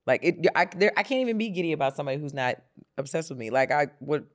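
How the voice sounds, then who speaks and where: A woman's voice: deep voice, lively intonation, fast talker. A woman in casual podcast chat, emphatic and restarting her sentences. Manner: emphatic, repeats herself mid-sentence.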